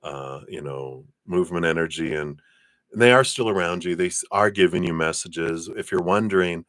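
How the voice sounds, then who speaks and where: A man giving a live-streamed card reading, chatting to viewers by name and passing on messages in a drawn-out, hesitant way. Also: low-pitched, fairly bright tone, dry recording. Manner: chatty, reads viewer names and passes on spirit messages. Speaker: tarot reader.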